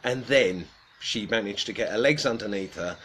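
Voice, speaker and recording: A man's voice: fairly low pitch, moderate pace, noisy background. A man hosting a casual livestream outdoors. He tells a rambling, self-deprecating story and chuckles often. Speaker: livestream host.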